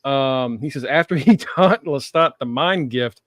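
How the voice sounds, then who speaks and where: A man's voice: medium pitch, unhurried, a bit bright, no room sound, studio quality. A man hosting a casual TV review chat, cursing and laughing often as he talks. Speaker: podcast host.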